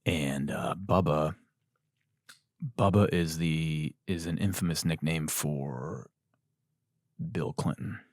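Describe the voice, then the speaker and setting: A man's voice: a bass voice, slow, long pauses, dry recording, clean studio sound. A man hosting a comedy podcast, delivering a mocking satirical monologue. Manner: ranting, mocking, shouts and laughs.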